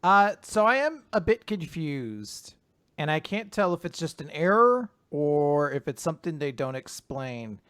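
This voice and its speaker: A man co-hosting a podcast, chatting casually and tossing in quick, jokey reactions. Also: on the high side, very animated, a bit bright, clean tone, no room sound, studio quality. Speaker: podcast co-host. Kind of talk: casual chat.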